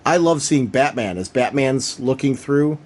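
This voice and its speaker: Podcast co-host, man, middle voice, excitable, retells scenes with gusto. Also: mid-range voice, a little slow. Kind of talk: casual comics discussion.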